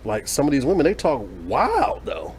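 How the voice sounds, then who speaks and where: A man in casual podcast talk, relaxed and thoughtful, often pausing on fillers. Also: a little high. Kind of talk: casual chat. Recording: faint room ambience.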